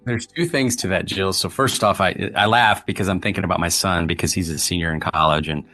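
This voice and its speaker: A middle-aged man speaks as a podcast guest, his voice low and bright with a forceful edge. He explains things in long, anecdotal runs and often restarts his sentences. The recording is dry and close, with faint music behind it. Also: fairly even intonation, brisk. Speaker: guest author, former polygraph examiner. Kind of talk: conversational podcast interview.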